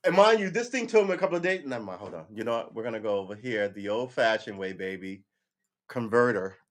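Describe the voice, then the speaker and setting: A man's voice: on the low side, animated, fast talker. Rambling, profane male stream commentator. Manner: rambling, profane and joking, addresses viewers as boys and girls; thinks aloud, often restarts and self-corrects. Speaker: live-stream news commentator. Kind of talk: casual political commentary.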